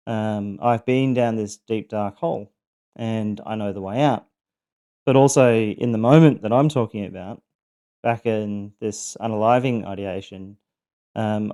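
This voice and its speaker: A man's voice: lowish voice, dark tone. A middle-aged man hosting a personal podcast, reflecting earnestly on recovering from abuse, with frequent ums and restarts. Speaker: podcast host sharing his survival story.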